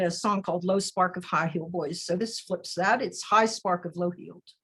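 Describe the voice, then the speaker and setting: A woman poet reading her poems aloud over a video call in a slow, deliberate recitation with measured pauses. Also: fairly low pitch, a bit bright, breathy edge. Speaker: featured poet. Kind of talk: poetry reading.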